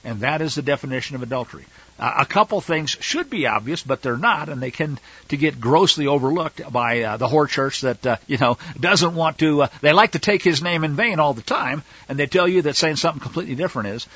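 Husky, animated male Bible teacher. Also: on the high side, no room sound, dull audio. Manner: explanatory, halting with frequent fillers. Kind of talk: Torah study teaching.

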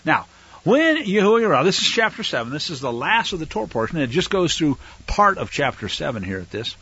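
A man's voice: fairly high pitch, sing-song, brisk, a bit bright, slightly rough. A man teaching a Torah portion, reading scripture aloud with emphatic swells and then explaining it in a casual way. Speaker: Bible teacher. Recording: dull lo-fi recording.

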